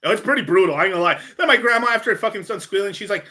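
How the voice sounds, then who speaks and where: Young guy streaming, bright punchy voice, swearing a lot, rambling with tons of "like" and "um". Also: sits high, animated, rapid-fire, hardly any pauses. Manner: profane, loose, lots of fillers and restarts. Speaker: livestream host answering chat questions. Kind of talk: casual rambling storytelling. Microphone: streaming microphone.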